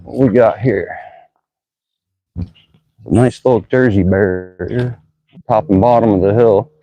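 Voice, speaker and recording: A man's voice: lowish voice, slow, dry recording, muffled recording. A man vlogging outdoors as he rides a bike through town, chatting casually and musing aloud to a bike-mounted camera. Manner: easygoing, chatty, muses aloud. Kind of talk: casual narration while riding.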